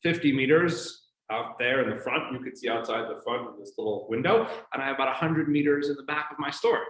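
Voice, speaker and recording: A man playing a deadpan Israeli shop owner in a joke he tells his class. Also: medium pitch, fairly quick, roomy sound, close to an everyday voice, rough recording.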